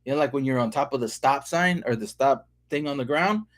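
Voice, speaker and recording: A man's voice: mid-range voice, a little fast. Profane laid-back man from LA. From Los Angeles area, California. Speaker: livestreamer reading comments. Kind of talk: casual livestream chat, storytelling.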